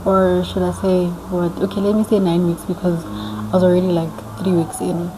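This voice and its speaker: A young woman vlogger telling a story casually, chatty and animated, acting out what people said. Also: on the low side, moderate pace, noisy background. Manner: animated, chatty, acts out quoted dialogue.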